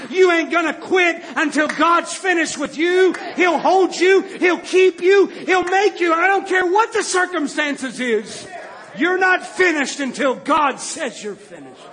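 A man preaching a sermon with passion, repeating phrases and swinging from soft, hushed lines to shouted ones. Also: very high voice, slight background noise.

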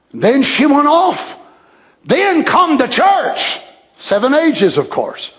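Fiery high-voiced preacher. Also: male voice. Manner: shouting, impassioned, calls out hallelujah. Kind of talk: fiery sermon.

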